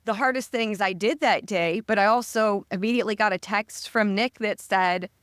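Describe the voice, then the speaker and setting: A woman's voice: medium pitch, normal speed, a bit bright, clean tone, no echo, studio quality. A woman hosting an interview, speaking personally and reflectively as she asks her questions. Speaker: interview host, sports reporter. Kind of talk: conversational interview.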